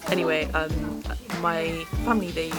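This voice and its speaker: A young woman, a podcast host, telling a story in a lively way, laughing often and acting out the voices of the people in it. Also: deep voice, normal speed. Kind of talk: casual chat. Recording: music playing under the voices.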